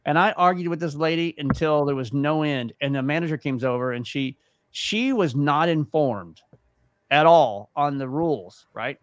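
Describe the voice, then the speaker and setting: A man's voice: a little high, moderate pace, no echo. A man co-hosting a podcast, telling a story in casual chat and acting out the other people's lines. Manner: animated, acts out quoted dialogue. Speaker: podcast co-host.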